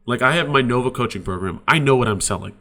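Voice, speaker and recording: A man's voice: medium pitch, animated, fast, sharp tone. A man coaching real estate agents in a casual, conversational sales training talk. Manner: casual, conversational, uses sports examples.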